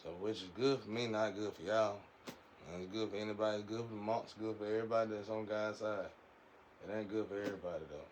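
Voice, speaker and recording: A man with a fairly low voice rambles through a casual, preachy spiritual monologue, circling back and repeating his phrases. A faint hiss of noise sits behind him. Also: fairly even intonation, fast talker, low-quality recording. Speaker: speaker giving a monologue.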